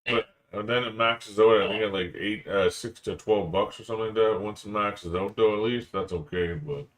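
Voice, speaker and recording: A man's voice: on the low side, moderate pace, a bit bright. A man from Canada in casual chat, laid-back and agreeable, swearing freely.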